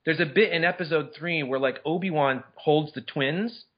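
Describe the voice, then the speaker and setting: Man, husky voice, fairly high pitch, excitable, rambling film talk, dull recording. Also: normal speed. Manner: excitable, incredulous, rambling with restarts. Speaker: podcast co-host. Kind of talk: casual movie chat.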